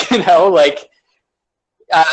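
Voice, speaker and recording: A man co-hosting a podcast talks in loose, rambling chat. He swears freely and laughs often. His voice sits a little on the high side. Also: drawn-out words, low-quality recording. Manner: rambling, profane, laughs a lot. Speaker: podcast co-host. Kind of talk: casual chat.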